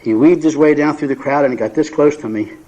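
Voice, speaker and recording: A man's voice: on the high side, fast talker, dark tone, poor audio. Folksy older man, self-mocking storyteller. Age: 70s. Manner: folksy, self-mocking, with many repeated fillers. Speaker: recovery meeting speaker. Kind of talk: humorous personal storytelling to an audience.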